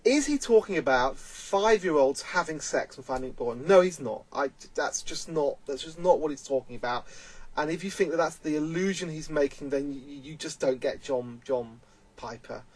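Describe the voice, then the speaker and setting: Earnest man, fairly high voice. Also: moderate pace, poor audio. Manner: earnest and emphatic, repeating points. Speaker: vlogger. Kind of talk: casual spoken commentary.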